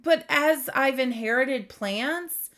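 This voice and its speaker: A middle-aged woman giving a rambling spiritual tarot reading, gentle and full of fillers and restarts. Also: high voice, slow pace. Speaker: tarot reader.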